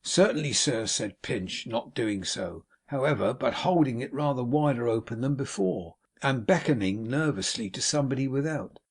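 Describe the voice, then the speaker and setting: A man narrating an audiobook in a measured, dramatic reading. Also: mid-range voice, lively intonation, slightly rough.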